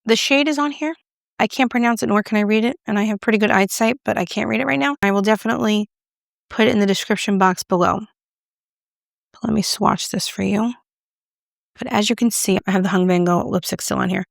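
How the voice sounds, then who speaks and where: A woman's voice: medium pitch, brisk, creaky, dry recording, clean studio sound. A woman chatting casually to camera while doing her makeup, talking through a product review with a self-mocking, playful manner. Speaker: beauty vlogger.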